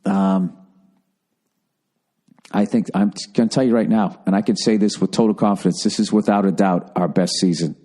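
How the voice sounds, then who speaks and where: A man's voice: low-pitched, fairly even intonation, normal speed, warm tone. A man in his forties, hosting his own podcast and ranting with heavy profanity and sarcasm in a casual solo monologue. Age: 40s. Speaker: podcast host.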